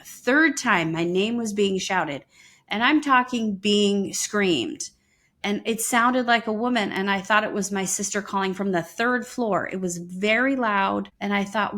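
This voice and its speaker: A woman's voice: medium pitch, unhurried. Woman co-host telling a story. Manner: lively retelling with frequent ums. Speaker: podcast co-host. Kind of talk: casual storytelling.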